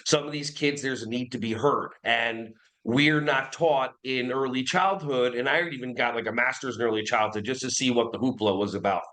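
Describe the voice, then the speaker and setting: An energetic man in his forties, originally from New Jersey, chats casually as a podcast guest. His voice sits at a middle pitch, and he now and then bursts into playful voices to make a point. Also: normal speed, hardly any pauses, poor audio. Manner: energetic, animated storyteller who breaks into silly voices. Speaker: guest, early childhood behavior trainer.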